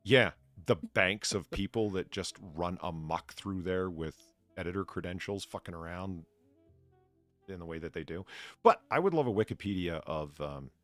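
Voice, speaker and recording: A man's voice: deep voice, lively intonation, moderate pace, a bit bright, no echo, soft background music. A man hosting a stream, chatting casually and rambling through asides. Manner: laughs often, reads mockingly, rambling asides. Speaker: stream host. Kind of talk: casual chat, reading aloud.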